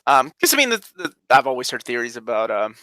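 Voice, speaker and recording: A man with a Kentucky accent, co-hosting a casual review show, animated and swearing freely. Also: mid-range voice, fast, dry recording. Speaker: podcast co-host. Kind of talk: casual chat reviewing a TV episode.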